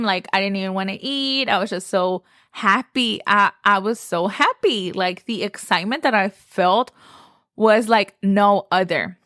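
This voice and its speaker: A young woman from Texas tells a story on her podcast, gushing and full of "like". Her voice sits at a middle pitch. The close mic gives a dry sound no room in it. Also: unhurried, a bit bright, dry recording. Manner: chatty, gushing, says "like" often. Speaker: podcast host. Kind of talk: casual storytelling.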